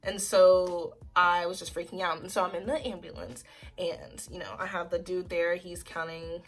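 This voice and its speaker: A woman's voice: on the low side, normal speed, fairly bright tone, slightly rough. A woman in her twenties telling a personal story in a casual vlog, rambling and emotional, with lots of "like" and "freaking". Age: 20s. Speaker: vlogger.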